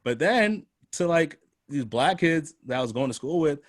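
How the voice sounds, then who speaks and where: A man's voice: fairly high pitch, normal speed, dry recording, clean studio sound. A man hosting a casual chat, telling a story in slang, swearing and acting out other people's voices. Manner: animated, slangy, acts out quoted voices; swears freely, frequent "like" fillers. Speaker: podcast host.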